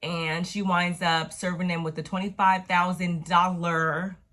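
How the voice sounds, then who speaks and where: Chatty, slangy woman with a lowish voice. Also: a little slow. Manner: chatty, slangy and profane, with animated retellings. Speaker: TV recap vlogger. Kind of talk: casual episode recap.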